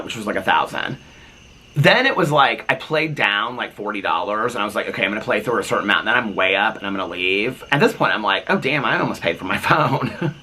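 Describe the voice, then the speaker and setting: On a front porch, a male vlogger tells a long, casual story, animated and chatty, full of fillers and asides. His voice sits on the low side with a breathy edge.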